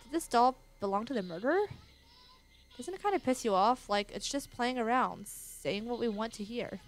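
A woman's voice: on the high side, animated, moderate pace, faint music behind. A woman casually commenting on a horror game she is playing, reading its text aloud and swearing now and then. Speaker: let's play gamer.

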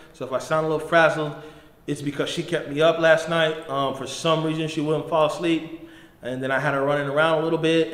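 A man in his thirties, a middle school pastor, giving a casual youth sermon in slangy, animated storytelling style. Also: on the high side. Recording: echoey room with long reverb.

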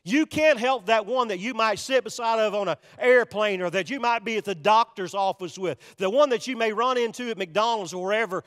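A man's voice: high-pitched, a little fast, hardly any pauses, fairly bright tone. A male pastor preaching a sermon, emphatic and repetitive, pressing his points directly on the congregation. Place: church sanctuary. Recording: long reverb of a large church sanctuary.

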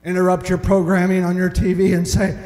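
A man's voice: high voice, completely flat delivery, fairly quick, a little mellow. A man preaching a sermon as pastor, mimicking whiny complainers as he talks. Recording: echoey hall reverb.

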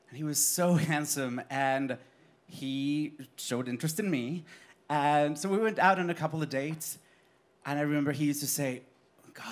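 A man performing autobiographical cabaret storytelling on a live stage, animated and laughing through his lines. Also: medium pitch.

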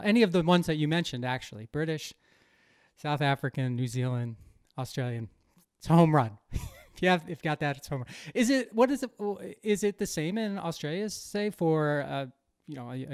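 A man's voice: on the high side, no room sound, clean studio sound. A man from the United States hosting a podcast, asking rambling, enthusiastic questions full of fillers. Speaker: podcast host. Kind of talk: casual interview talk.

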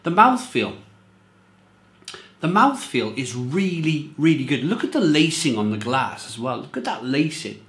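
A man's voice: medium pitch, big pitch swings, a little slow, fairly bright tone, reverberant. A man reviewing beer in a casual, rambling monologue, often repeating himself and stressing his points.

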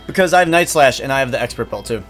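Excitable young man commenting on gameplay. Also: mid-range voice, racing, faint music behind. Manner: excitable, swears freely, bursts into loud exclamations. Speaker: gaming channel host.

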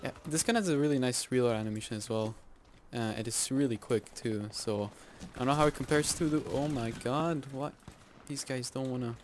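A man giving live gameplay commentary, excitable and self-mocking, yelping and groaning as he plays. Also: mid-range voice, fairly quick, hardly any pauses, slight background noise. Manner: excitable, yelps and groans at in-game deaths; self-mocking, joking asides. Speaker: video game YouTuber. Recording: loud game gunfire under the voice.

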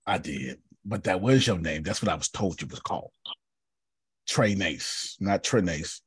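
A man with a low, husky voice leads a group session over a video call. He teaches bluntly and jokes as he calls on people by name. The sound is close and dry. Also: expressive, unhurried, dry recording. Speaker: teacher and coach.

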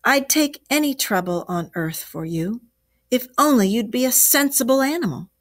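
A woman reading aloud and voicing a male water rat who talks briskly and heartily, fretting over his friend. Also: a little high, lively intonation, fairly bright tone, pitched above the performer's own voice. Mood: hearty, worried. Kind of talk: storybook read-aloud.

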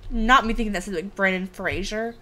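A woman streamer chatting casually and reacting out loud as she plays a horror game. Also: mid-range voice, fairly quick. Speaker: gaming streamer. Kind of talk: casual let's play commentary.

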